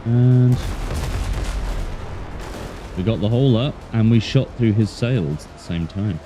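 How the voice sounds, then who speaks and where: A man's voice: on the low side, takes it slowly, background noise. A man streaming a game with casual, playful, self-mocking chat in a put-on Australian accent. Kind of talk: casual gameplay commentary.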